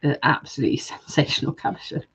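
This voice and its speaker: A woman's voice: fast, fairly bright tone, slight background noise, rough recording. A woman hosting a live jewellery-making stream, chatting casually and reading viewer comments aloud.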